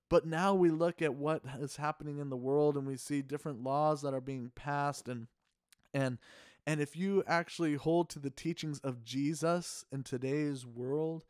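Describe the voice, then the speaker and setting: A middle-aged man preaching a sermon in an earnest, measured way, asking the congregation rhetorical questions. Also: fairly high pitch, fairly even intonation, a little mellow, dry recording, clean studio sound. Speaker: pastor.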